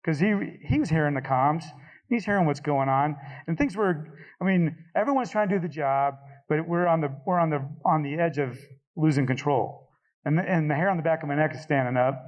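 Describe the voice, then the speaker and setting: Middle-aged man, retired pilot, panel storyteller, higher voice, acts out radio chatter. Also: rough recording.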